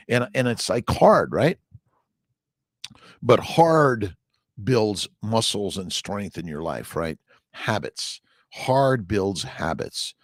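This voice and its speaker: A man's voice: deep voice, no room sound, clean studio sound. A middle-aged man from Southern California, a doctor chatting casually on a morning livestream, answering viewer comments in a rambling, upbeat, motivational way.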